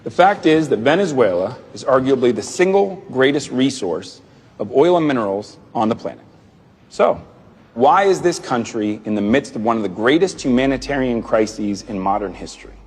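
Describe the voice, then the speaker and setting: A man's voice: medium pitch, animated, moderate pace, lightly acted. An actor playing a man briefing others in a film clip, persuasive and scripted. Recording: film clip with long reverb and faint music.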